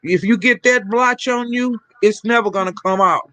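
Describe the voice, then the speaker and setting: A man's voice: sits high, moderate pace, bright, forceful tone, no room sound. A man calling into a live stream, earnest and warning, with hesitations. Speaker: caller.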